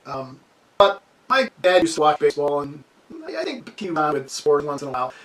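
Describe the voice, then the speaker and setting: Animated man in his sixties, quick storyteller. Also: on the high side, low-quality recording. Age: 60s. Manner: animated, laughs often, acts out scenes. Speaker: amateur radio hobbyist. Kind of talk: casual storytelling. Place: home with a wood stove.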